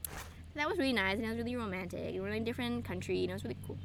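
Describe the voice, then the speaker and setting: A young woman chatting casually with a friend, telling stories in an animated, giggly way. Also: fairly high pitch, rapid-fire, noisy background. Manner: giggly, animated storytelling, frequent laughter. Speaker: friend answering questions. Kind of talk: casual chat.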